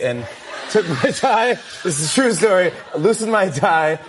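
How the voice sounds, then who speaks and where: A man telling a casual story in a halting, sheepish way, full of hesitations. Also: high voice, big pitch swings, a faint crowd, a little hiss or hum. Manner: halting, lots of fillers, sheepish.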